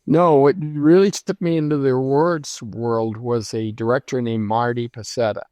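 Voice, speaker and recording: An older man recalls his career in an unhurried, reflective way, full of ums and restarts. His voice sits at an ordinary pitch. The sound is dry and close. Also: fairly even intonation, dark tone, dry recording. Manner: reflective storytelling, many fillers. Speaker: guest, lighting designer. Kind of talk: casual interview conversation.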